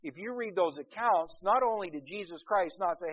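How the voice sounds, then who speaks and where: Husky conversational man preaching. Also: sits high, lively intonation, moderate pace, few pauses, muffled recording. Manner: conversational storytelling with many fillers and restarts. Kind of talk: sermon.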